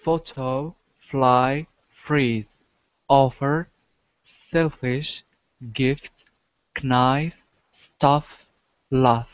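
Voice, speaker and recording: Slow smooth-voiced man reading words. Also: medium pitch, steady tone. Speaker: student. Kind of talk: reading practice words aloud. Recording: dull video call audio.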